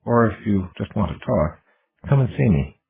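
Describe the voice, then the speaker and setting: A man voicing a poised woman at court who offers help in a smooth, measured way. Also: fairly low pitch, lively intonation, voice pushed up. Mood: inviting. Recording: tinny lo-fi audiobook recording.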